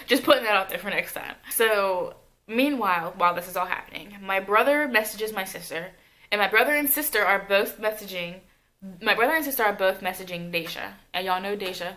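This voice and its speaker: A young woman vlogger retelling a personal story in a casual, profane, animated way. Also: medium pitch.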